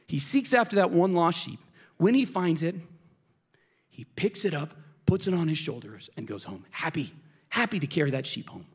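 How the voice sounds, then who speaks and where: A man in his thirties preaching an energetic, emotional sermon to a church congregation, with quick asides to the listeners. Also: fairly high pitch, husky. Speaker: pastor. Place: church service.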